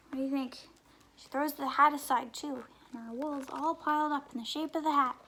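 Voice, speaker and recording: A woman reading a picture book aloud to children, asking them gentle questions and often dropping to a whisper. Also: high voice, steady tone, fairly quick, gravelly. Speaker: story time reader.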